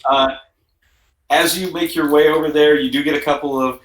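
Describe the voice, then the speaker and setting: A man running a tabletop game as game master, relaxed and laughing, with many fillers. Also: a little high, normal speed. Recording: echoey room.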